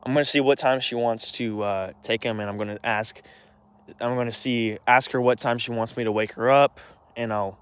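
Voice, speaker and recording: A man's voice: medium pitch, fairly even intonation, a little fast, fairly bright tone, smooth. A young man telling a long personal story in a rambling, agitated way, with many restarts and some swearing. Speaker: vlogger. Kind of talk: casual storytelling rant.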